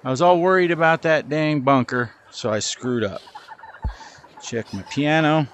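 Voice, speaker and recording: A middle-aged gaming channel host plays VR golf, offering casual, self-deprecating commentary and talking to his ball. His voice sits on the high side with a fairly bright tone and an unhurried pace, over slight background noise.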